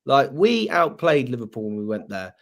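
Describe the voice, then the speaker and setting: A man's voice: mid-range voice, big pitch swings, moderate pace, fairly bright tone. A young man, hosting a casual fan livestream, chatty and swearing freely. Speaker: fan channel host.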